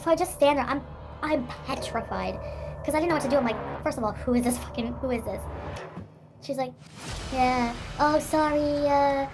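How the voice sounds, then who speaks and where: High-voiced rambling young woman streamer. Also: brisk, over music. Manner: rambling, full of "like" and swearing. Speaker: livestreamer. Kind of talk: casual livestream chat.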